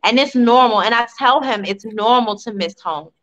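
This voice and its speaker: A woman in her forties from Virginia, a podcast guest and mother, telling family stories in an animated, chatty interview. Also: fairly high pitch, moderate pace, muffled recording. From Virginia, USA. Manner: animated, warm storytelling with laughs. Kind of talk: casual interview storytelling.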